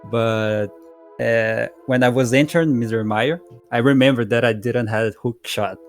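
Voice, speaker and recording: A man telling a story about his race in a halting way, repeating words and chuckling. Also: mid-range voice, fairly even intonation, soft background music. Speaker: racer being interviewed. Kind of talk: casual post-race interview.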